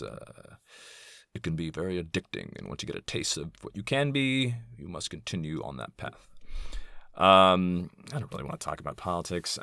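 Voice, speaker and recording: A man's voice: extremely low pitch, pushed and bright, dry recording, clean studio sound. A man in his thirties hosting a solo podcast, talking candidly and rambling, profane and heated when indignant. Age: 30s. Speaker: podcast host.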